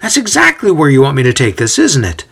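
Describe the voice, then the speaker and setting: A man's voice: mid-range voice, huge pitch swings, fast talker, vocal fry, a bit bright, breathy edge, exaggerated voice. A man voicing a defensive, indignant middle-aged male synagogue leader.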